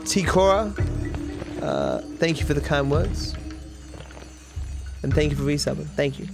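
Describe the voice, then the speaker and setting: A man's voice: a little high, wildly swooping pitch, a little slow, creaky, music in the background. An Australian man livestreaming a game, chatting offhand and answering viewers' questions. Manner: offhand, reads and answers chat. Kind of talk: casual chat while gaming.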